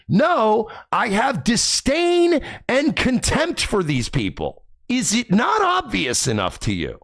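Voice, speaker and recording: A man's voice: very high voice, huge pitch swings, moderate pace. A male streamer host giving profane, ranting livestream commentary full of contempt.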